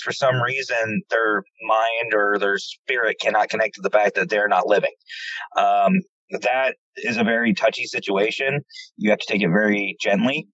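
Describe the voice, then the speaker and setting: A man from central Pennsylvania, a paranormal investigator guest, telling stories casually and acting out quoted dialogue with animated delivery. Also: fairly low pitch, no room sound, dull audio. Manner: animated, repeats words when starting, acts out quoted dialogue. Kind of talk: casual storytelling interview.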